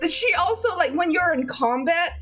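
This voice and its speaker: A woman's voice: very high-pitched, animated, measured pace, a bit bright, soft background music. A woman streamer chatting casually with her chat, laughing often.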